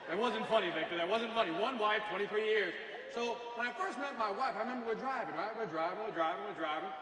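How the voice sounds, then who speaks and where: High-pitched energetic motivational speaker man. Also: quick pace, a crowd in the background. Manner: energetic storytelling with jokes. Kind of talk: motivational speech. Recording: echoey hall from far off.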